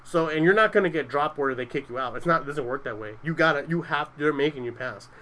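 Fast-talking man, bright and forceful. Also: fairly high pitch, rough recording. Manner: rambling, profane, full of restarts. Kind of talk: casual chat.

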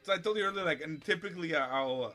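A man's voice: on the high side, rapid-fire, sharp tone, soft background music. A man in his late thirties co-hosting a podcast in casual, profane chat, tossing in Spanish slang. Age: late 30s. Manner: laid-back, profane, mixes in Spanish slang. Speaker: podcast co-host.

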